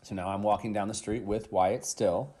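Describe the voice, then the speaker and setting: A man's voice: lowish voice, fairly even intonation, moderate pace, dark tone. A man in his thirties hosting a motivational podcast, telling a story emphatically with casual fillers and the odd swear word. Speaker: podcast host.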